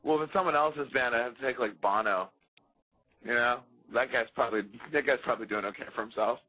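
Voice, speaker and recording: A man calls into a radio interview and jokes his way through the questions in a loose, rambling way. His voice comes through a thin phone line that cuts off the highs and lows. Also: fast, breathy edge. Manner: joking, rambling, laid-back. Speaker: musician guest.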